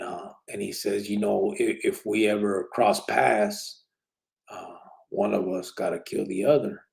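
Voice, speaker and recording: Gravelly low man telling a street story. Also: mellow, poor audio. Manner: street slang, restarts, frequent "you know what I'm saying". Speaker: podcast host telling his prison story. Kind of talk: casual storytelling.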